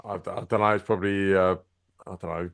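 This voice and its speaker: A man's voice: low-pitched, flat delivery, quick pace, gravelly. A man on a casual group podcast who stammers through restarts and swears casually.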